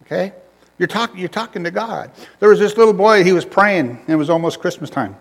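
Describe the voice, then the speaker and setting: A man's voice: high-pitched, a little fast, creaky. A male preacher giving a sermon in a conversational style, repeating phrases and joking with the congregation. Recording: long reverb of a hall.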